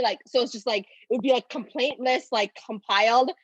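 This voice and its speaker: Chatty woman, higher voice, dry sound. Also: a little fast, few pauses, husky, no room sound, dull audio. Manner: talks in loose run-on phrases full of "like". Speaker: podcast guest. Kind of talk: casual conversational storytelling.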